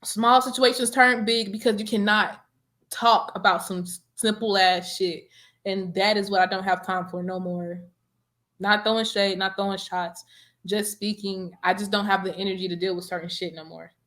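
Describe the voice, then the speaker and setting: Blunt, animated woman co-host. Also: mid-range voice, normal speed. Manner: blunt, animated, swears freely. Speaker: podcast co-host. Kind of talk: casual chat.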